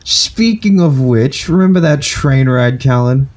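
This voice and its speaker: A man's voice: medium pitch, expressive, unhurried, a little mellow. A young Australian man co-hosting a podcast in casual chat, giggly and reactive, often stumbling over his words. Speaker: podcast co-host.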